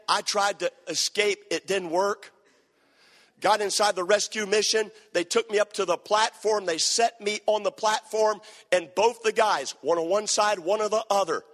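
A man preaching, telling a story with animated bursts of shouting and hushed stretches. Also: high-pitched. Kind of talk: sermon storytelling. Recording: long hall reverb.

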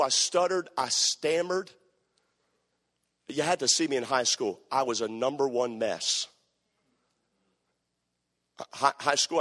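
A man preaching, telling a story with animated bursts of shouting and hushed stretches. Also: a little high. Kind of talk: sermon storytelling. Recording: long hall reverb.

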